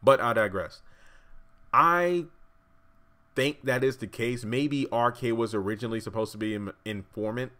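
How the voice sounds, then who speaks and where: A man's voice: medium pitch, moderate pace, bright, forceful tone. A man giving a casual fan-theory commentary on a TV drama, rambling and correcting himself, with wry asides. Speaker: YouTube TV commentator.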